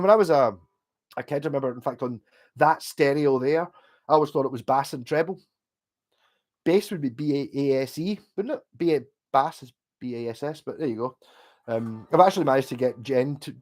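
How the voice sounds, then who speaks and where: A middle-aged Scottish man with a Glasgow accent hosts a livestream, reading chat and rambling casually in a meandering, sweary way full of fillers. His voice is mid-range and a little mellow.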